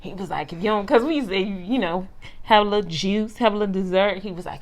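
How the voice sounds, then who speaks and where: A woman co-hosting a casual chat, telling animated stories, laughing often and swearing freely. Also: medium pitch, fast talker. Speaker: podcast co-host.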